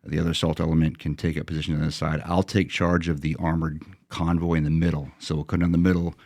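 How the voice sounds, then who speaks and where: Very deep gravelly-voiced veteran man. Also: little pitch movement, fast talker, a little mellow, no room sound, clean studio sound. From United States. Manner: plain-spoken, profane, relives moments through quoted self-talk. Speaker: veteran guest telling a combat story. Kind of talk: casual storytelling.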